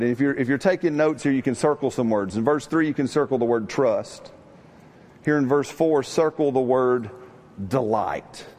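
Animated preacher man. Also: mid-range voice. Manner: animated, call-and-response with congregation. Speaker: pastor. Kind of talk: sermon.

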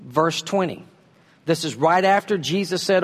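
A man preaching a sermon, reading scripture slowly and pressing his points with emphasis. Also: fairly high pitch, big pitch swings, husky, big-room sound. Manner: emphatic preaching, reads scripture slowly, uses a volunteer for a demonstration. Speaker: pastor.

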